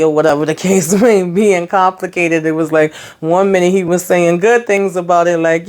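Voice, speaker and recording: A woman's voice: lowish voice, steady tone, normal speed, hardly any pauses, a little mellow. A woman casually recapping a TV episode in a chatty, colloquial way, often breaking into laughter. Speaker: TV show reviewer.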